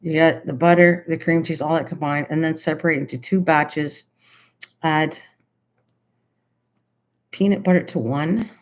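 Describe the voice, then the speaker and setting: Here the older host speaks low and fairly evenly, a little slowly, with long pauses, and the audio has its highs cut off. Streaming casually from her computer, she talks through a recipe as she writes it and keeps gushing thanks to her viewers.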